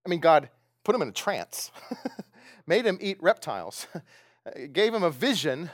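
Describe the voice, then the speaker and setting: A male pastor telling a Bible story in a casual sermon, with jokes and voiced-out dialogue. His voice sits a little high and swings widely in pitch. The sound is dry and close. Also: unhurried, no echo. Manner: animated, joking, acts out quoted lines.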